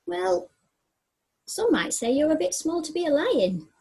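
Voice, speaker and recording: A woman teacher reading a picture book aloud to young children, with animated, sing-song storytelling and puppets. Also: very high-pitched, unhurried, gravelly. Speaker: primary school teacher.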